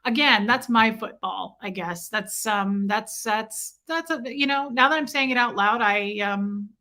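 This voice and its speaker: Speaking a little slowly in a high-leaning, bright, forceful voice, a woman hosts a casual livestream. She chats about her day, mentions her son and living in Michigan, and greets viewers by name in a roll call.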